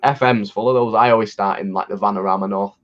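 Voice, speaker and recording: A man's voice: on the low side, fairly even intonation, fast talker, a bit bright, a little hiss or hum. A man co-hosting a casual livestream while watching football, chatty and laughing often, with rambling restarts. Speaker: livestream co-host. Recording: dull lo-fi stream audio.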